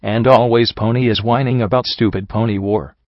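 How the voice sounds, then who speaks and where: A man growling as a gruff old dog chief in broken speech. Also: lowish voice, fairly even intonation, a little fast, dry recording, highs cut off, close to an everyday voice. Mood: angry. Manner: broken grammar, growling and grumbling.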